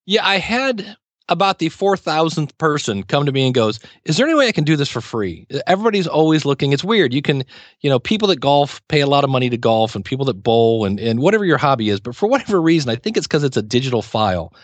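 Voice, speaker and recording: A middle-aged man talks casually as a podcast guest, spinning anecdotes and playing out little dialogues as he goes. His voice sits at an ordinary pitch. The sound is dry and close, with no room around it. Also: expressive, quick pace, no room sound. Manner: chatty storyteller, acts out quoted exchanges. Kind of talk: casual interview talk.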